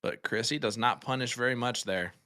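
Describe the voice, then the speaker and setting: Male darts commentator, bright tone, playful banter. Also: mid-range voice, fairly quick. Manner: joking, banters with co-host. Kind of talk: live sports commentary.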